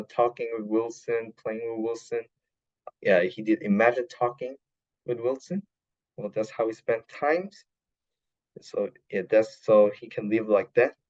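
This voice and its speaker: Halting man retelling a film. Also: mid-range voice, steady tone, darkish tone, highs cut off. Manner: halting, many fillers and restarts, non-native grammar. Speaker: podcast host. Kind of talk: casual retelling of a film plot.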